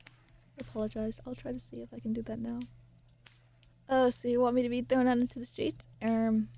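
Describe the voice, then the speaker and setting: A woman's voice: a little high, little pitch movement, a little fast, gravelly, mellow. A young woman streamer reading a novel aloud and chatting with her viewers, with rambling, apologetic asides.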